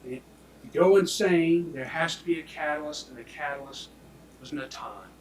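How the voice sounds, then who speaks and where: A man delivers a prosecutor's closing argument, speaking emphatically and swinging between loud declarations and hushed near-whispers. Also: fairly high pitch, normal speed, a little hiss or hum. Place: courtroom. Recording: echoey courtroom audio from far off.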